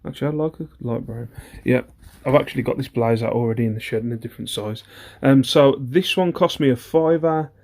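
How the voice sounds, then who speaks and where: A man's voice: mid-range voice, fairly quick, gravelly, few pauses, darkish tone. A man, chatting casually through an eBay reseller's haul video. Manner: chatty, rambling, self-deprecating, many ums.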